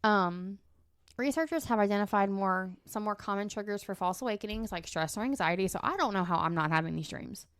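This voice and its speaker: A woman's voice: medium pitch, expressive, fast, hardly any pauses, clear, resonant tone, dry recording. A woman co-hosting a podcast who reads research aloud in a casual chat and riffs on it bluntly, with some swearing. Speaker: podcast co-host.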